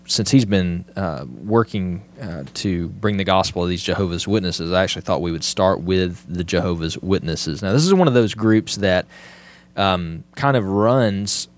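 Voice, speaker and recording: A man with a low voice co-hosts a casual podcast. He talks loosely and with many pauses, filling gaps with um and uh as he steers into a new segment. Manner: hesitant, many fillers and restarts when leading a segment. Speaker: podcast co-host.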